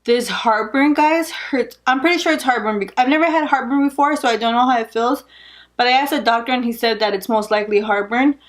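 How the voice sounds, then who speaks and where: A woman's voice: a little high, a little fast. Chatty, rambling pregnant young woman vlogger. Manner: rambling, candid and chatty, with frequent laughs. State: heavily pregnant. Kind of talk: casual pregnancy update vlog.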